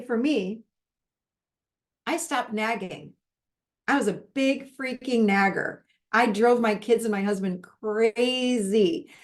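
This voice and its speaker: Woman, middle-aged, somewhat high voice, relationship coach, casual teaching, animated, conversational. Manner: animated and conversational, with anecdotes and frequent restarts.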